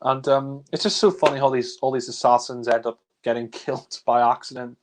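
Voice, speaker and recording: A man's voice: medium pitch, fairly even intonation, a little fast, slight background noise. A man reviewing films in a casual, rambling way, chuckling often and using many fillers. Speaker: film reviewer. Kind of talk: casual film discussion.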